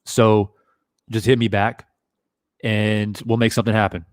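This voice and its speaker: Reading viewer chat during his live boxing stream, a man with a voice on the low side talks in an unhurried, casual manner, cursing often and staying animated. The sound is studio quality with no room sound.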